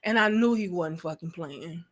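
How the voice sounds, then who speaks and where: A woman hosting a casual livestream, reading chat comments and giving blunt, profane, animated advice. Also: lowish voice, normal speed.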